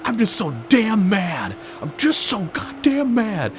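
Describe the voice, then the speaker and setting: Guy putting on a raging dude yelling at himself, voice way up high, sweary. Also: huge pitch swings, takes it slowly, soft background music, heavily acted. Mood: furious. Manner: ranting, exasperated, sweary. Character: furious man cursing at his own mistake.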